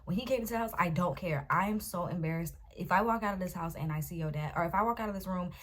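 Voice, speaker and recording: Animated young woman telling a story. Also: lowish voice, quick pace, background noise. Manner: animated, dramatic retelling, talks to viewers as y'all and baby. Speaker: vlogger. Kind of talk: storytime vlog.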